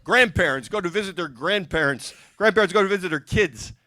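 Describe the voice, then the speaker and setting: A man with a high, very lively voice tells stand-up jokes one after another, slipping in quick character voices. His tone is bright and forceful. The sound is dry and close, with little room echo. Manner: rapid-fire joke delivery with character voices. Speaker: stand-up comedian. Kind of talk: stand-up joke telling. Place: music and arts center stage.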